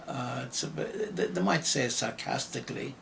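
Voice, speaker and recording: In an interview, an older writer and actor from Ireland speaks with an Irish accent, pondering slowly, hesitating and frequently starting phrases over. His voice is mid-range with vocal fry and a fairly bright tone, over a little hiss or hum.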